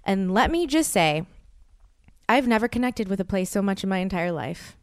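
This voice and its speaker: A woman in her thirties hosts a solo podcast, spinning a rambling story full of quoted asides. Her voice is smooth and clear at a middle pitch. It is recorded close and dry, with no room sound. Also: expressive, normal speed, dry recording. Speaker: podcast host.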